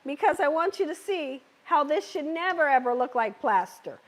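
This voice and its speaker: A woman with a hoarse, scratchy voice hosts a live cooking demonstration in her home kitchen. She talks in a chatty, reassuring way and keeps checking in with her viewers. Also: high voice, animated, normal speed. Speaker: cooking channel host.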